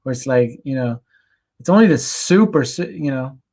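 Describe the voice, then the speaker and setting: A man's voice: mid-range voice, expressive, moderate pace, a little mellow. A young adult man from Ireland, ranting in a rambling, blunt, profane way on a casual livestream and reading out chat comments. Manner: rambling, many restarts and fillers, blunt and profane. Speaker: channel host.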